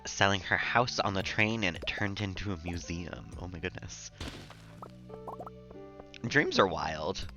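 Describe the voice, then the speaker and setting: A man streaming a game and chatting casually in a relaxed, rambling way, chuckling often. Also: deep voice, measured pace, pauses often, dull audio, over music. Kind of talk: casual gameplay chat.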